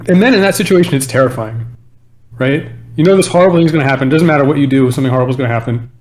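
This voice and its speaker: A man's voice: medium pitch, racing, darkish tone, soft background music. A man co-hosting a casual podcast, joking and thinking ideas through aloud. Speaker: podcast co-host.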